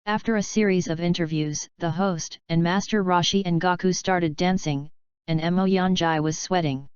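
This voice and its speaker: A woman reads a fanfiction story aloud in a steady, even narrating voice. Her voice sits a little low and sounds very smooth and clean. The recording is dry and a bit dull. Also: moderate pace, no echo. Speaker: audiobook narrator. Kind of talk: reading a fanfiction audiobook.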